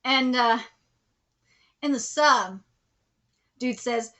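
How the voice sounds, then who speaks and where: High, bright-voiced woman reacting frankly. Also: extremely slow. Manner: swings between muttered asides and loud exclaiming; frank and profane, laughs often. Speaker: anime reaction streamer. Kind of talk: casual live reaction commentary.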